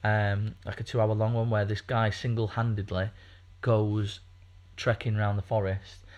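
A man chats on a podcast in a loose, rambling way, stopping and restarting often. His voice sits fairly low. He fills gaps with ums and asides. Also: little pitch movement, moderate pace, darkish tone, highs cut off. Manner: rambling, chatty, many fillers and restarts. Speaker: podcast co-host. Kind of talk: casual podcast chat.

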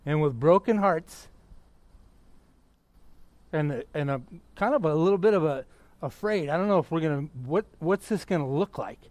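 A middle-aged man preaching with a high, bright voice, recorded dry and close with no room sound. He gets excited and loud, then sinks back to a hushed, earnest tone. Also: moderate pace, long pauses, no room sound. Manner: excitable, bursts into yelling then drops to quiet. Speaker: pastor. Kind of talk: sermon.

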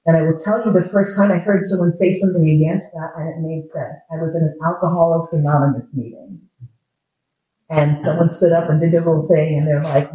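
A man with a slightly raised pitch gives a frank, humorous lecture, swearing casually as he tells personal stories. The recording is roomy and echoey. The sound is dull and lo-fi. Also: fairly even intonation, brisk, dark tone.

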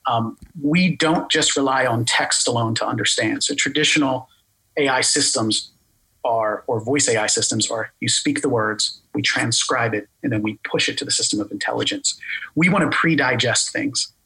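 A man with a Philadelphia accent explaining a technical product in an interview, talking fast and full of jargon. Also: medium pitch, vocal fry, bright, forceful tone, breathy edge, rough recording. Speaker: tech company guest explaining voice AI.

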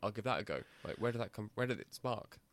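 A man's voice: fairly low pitch, lively intonation, quick pace, a bit bright, dry recording. A man from England hosting a podcast, asking his guest curious questions. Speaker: podcast host. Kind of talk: interview conversation.

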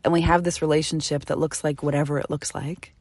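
A middle-aged woman hosting her own podcast, speaking earnestly and from the heart, sometimes dropping to a soft whisper. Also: low-pitched, level tone, a little fast, no echo. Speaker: podcast host. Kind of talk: intimate solo podcast monologue. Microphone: studio microphone.

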